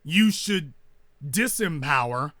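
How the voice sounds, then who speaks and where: This host's voice leans high, with lively intonation, a slow pace and a sharp edge, captured at studio quality with no echo. He delivers a commentary monologue, repeating himself for emphasis like a preacher, full of indignation and scorn.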